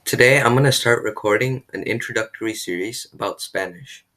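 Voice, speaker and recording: A man giving a beginner language lesson, explaining step by step and slowing down to model pronunciation. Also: medium pitch, sharp tone. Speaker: language tutor.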